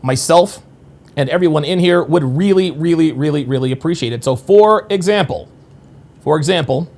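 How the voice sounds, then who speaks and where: A man's voice: a little high, normal speed, a little mellow. A man in his forties hosting a casual livestream, rambling and repeating himself with crude, profane asides to his viewers. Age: 40s. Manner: addresses viewers directly. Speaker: livestream host.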